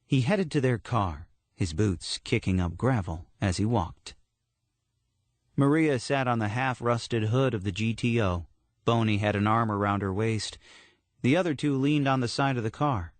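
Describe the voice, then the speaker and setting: A man narrating a horror story audiobook in a steady, measured storytelling manner. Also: lowish voice, no echo.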